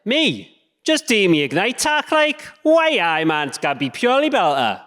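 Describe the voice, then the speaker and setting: A man's voice: big pitch swings, normal speed. Man doing a boisterous broad lad. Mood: cheery. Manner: exaggerated, high-pitched and loud. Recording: echoey hall.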